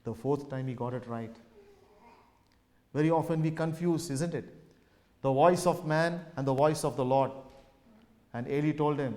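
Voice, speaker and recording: A man's voice: fairly high pitch, moderate pace, pauses often, mellow. A man preaching a sermon in a gospel hall, with emphatic, repetitive phrasing that builds and falls back. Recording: long reverb of a gospel hall.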